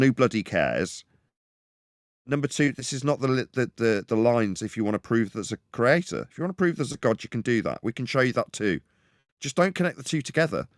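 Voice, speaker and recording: A man's voice: medium pitch, no room sound, clean studio sound. A man on a live-stream panel discussion, talking in a rambling, argumentative way with many restarts.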